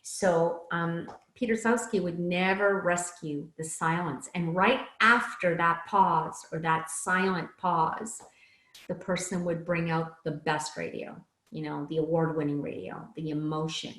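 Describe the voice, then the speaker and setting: A woman's voice: on the low side, fairly bright tone, echoey room, rough recording. A woman giving a casual talk on empathy skills, chatty, with many fillers and asides. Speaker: speaker teaching empathy skills.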